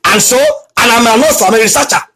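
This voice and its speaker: A man's voice: very high-pitched, fast talker, pushed and bright, low-quality recording. A middle-aged man preaching a sermon, telling stories and repeating key phrases for emphasis. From Nigeria. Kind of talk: sermon with storytelling.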